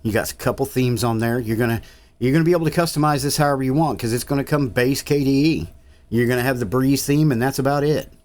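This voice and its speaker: A man's voice: medium pitch, fast, a little mellow. A man, narrating a casual tech tutorial in an easygoing, rambling way with frequent uhs. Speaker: tech channel host.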